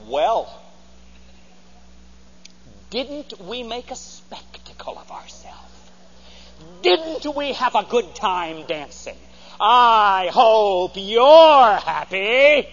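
A man's voice: high voice, big pitch swings, extremely slow, long pauses, heavily acted. A man putting on a huffy scornful royal wife. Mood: sarcastic. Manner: sarcastic, huffy. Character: indignant scornful royal wife, middle-aged woman. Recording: dull sound with long hall reverb, faint hum.

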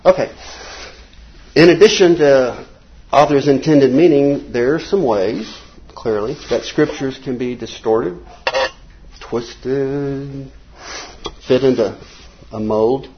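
Gravelly man teaching Bible class. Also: medium pitch, a little hiss or hum. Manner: rambling, reads quotes slowly and emphatically. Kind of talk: informal Bible class lecture with slides. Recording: dull lo-fi recording.

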